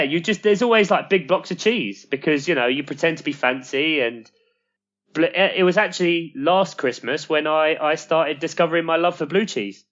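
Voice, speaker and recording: A man's voice: mid-range voice, fairly bright tone, muffled recording. A man co-hosting a casual podcast chat, joking and laughing at himself. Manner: laughing, self-mocking banter. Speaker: podcast co-host.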